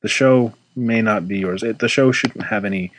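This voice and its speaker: A man's voice: lowish voice, normal speed, poor audio. A man co-hosting a casual podcast chat, easygoing and teasing, often restarting his sentences, on a close mic. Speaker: podcast co-host.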